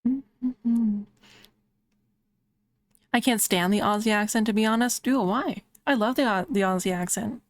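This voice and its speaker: A woman's voice: a little high, unhurried, long pauses, no room sound. Chatty woman streamer, dry close sound. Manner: rambling, with lots of "like" fillers. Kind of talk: casual chat while drawing on a live stream.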